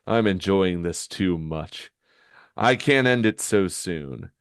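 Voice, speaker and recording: A man voicing a scheming, gloating male comic villain, smug and measured, in a low voice. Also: lively intonation, clear, resonant tone, no room sound, studio quality, full character voice.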